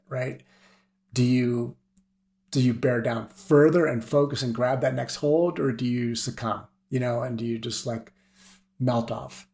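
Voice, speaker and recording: A man's voice: medium pitch, gravelly, a little mellow. A middle-aged man, a veteran climber and podcast guest, telling stories in a casual, rambling way, often laughing and filling with "you know" and "like". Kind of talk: casual storytelling.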